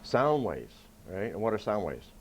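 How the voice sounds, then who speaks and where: A man's voice: on the low side, very animated, moderate pace, slight background noise, rough recording. A man hosting a science show, explaining things to children in a casual, playful way and checking in with "right?" again and again. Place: indoor room.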